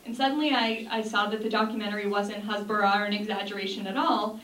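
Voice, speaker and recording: A woman's voice: mid-range voice, fairly even intonation, fast, fairly bright tone. A young woman giving an earnest talk to an audience, with frequent ums and restarts. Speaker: speaker. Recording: echoey room from a distance, faint noise.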